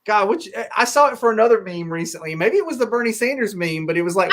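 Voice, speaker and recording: A man hosting a podcast in casual chat, rambling with halting restarts and chuckles. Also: high-pitched, expressive, fairly bright tone. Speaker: podcast host.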